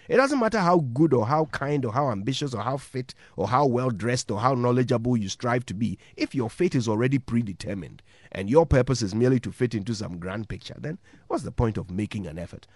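A man's voice: mid-range voice, expressive, a little fast, dry recording, studio quality. A man with a Ghanaian accent giving a motivational radio talk as a morning show host, telling a story and asking rhetorical questions.

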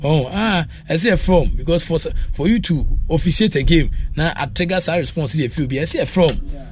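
A man's voice: on the high side, moderate pace, a little mellow, a little hiss or hum. Ghanaian man hosting sports radio. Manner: rambling, switches between Twi and English with many fillers. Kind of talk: casual sports radio talk.

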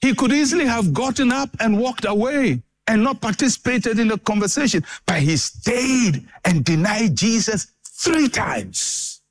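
A man's voice: very high voice, lively intonation, unhurried, few pauses. A man preaching a sermon with dramatic emphasis and repeated phrases for effect.

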